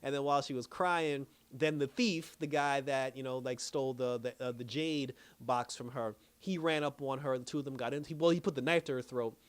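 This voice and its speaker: A man's voice: mid-range voice, fairly even intonation, fairly quick, hardly any pauses, clean tone. A man hosting a TV review channel, recapping an episode in a loose, slangy, chatty way and laughing often. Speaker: TV review host. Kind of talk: casual spoken recap.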